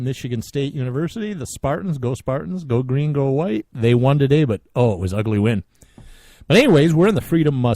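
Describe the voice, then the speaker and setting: A man's voice: mid-range voice, a little mellow, dry recording, clean studio sound. A man co-hosting a podcast in casual chat, joking and teasing his partner. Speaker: podcast co-host.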